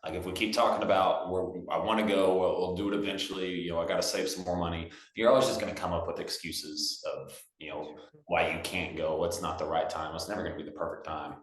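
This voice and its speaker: A young man from Texas, a singer-songwriter guest, telling stories in a relaxed, chatty way with lots of fillers. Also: sits low, fast. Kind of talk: casual storytelling. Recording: roomy echo.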